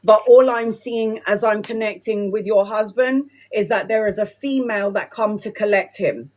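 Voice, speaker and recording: A woman whose voice sits on the high side, with a darkish tone, does a live tarot reading. Blunt and emotional, she swears freely and uses endearments such as "my love" and "sweetheart" for her viewers.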